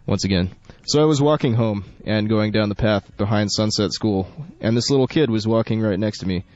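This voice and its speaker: A man's voice: on the low side, a little fast, a little mellow. A young man hosting college radio, rambling, joking and correcting himself while he reads a story. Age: young adult. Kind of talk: casual radio chat and reading a story. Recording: dull dry lo-fi studio with faint music.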